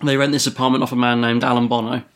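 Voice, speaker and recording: A man's voice: mid-range voice, flat delivery, very fast, fairly bright tone, clean tone. A man, co-hosting a podcast and leading the story in a casual chat while teasing his co-host with questions.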